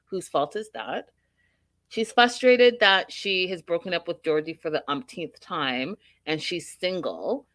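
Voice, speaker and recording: A woman's voice: low-pitched, fairly bright tone, dry recording. A woman casually recapping a reality show, opinionated and full of rhetorical questions.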